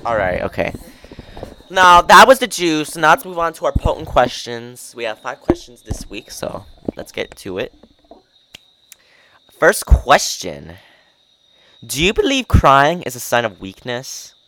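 A young podcast host chatting casually, ranting in an animated way and reading out questions to co-hosts. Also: measured pace, pauses often, slight background noise. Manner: animated, ranting, swings pitch widely. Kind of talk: casual chat.

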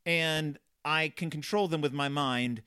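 A man's voice: fairly high pitch, measured pace, sharp tone, clear, resonant tone, no room sound, studio quality. A man voicing a boastful male cartoon scientist bear who makes threats. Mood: smug.

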